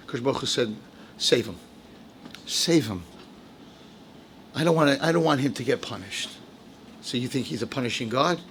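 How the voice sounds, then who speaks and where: Animated high-voiced preaching man. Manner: animated, swings from low asides to shouted high-pitched outbursts, acts out quotes. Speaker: rabbi giving a Torah lecture. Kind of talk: sermon.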